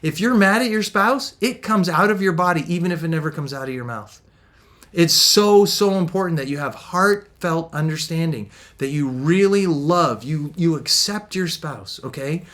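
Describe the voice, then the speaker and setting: A middle-aged man coaching couples on faith and marriage, his voice riding notably high for a man. He talks with bouncy, upbeat energy and slips into quick little voices for the people he quotes. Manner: energetic and upbeat, laughs often. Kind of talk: motivational talk.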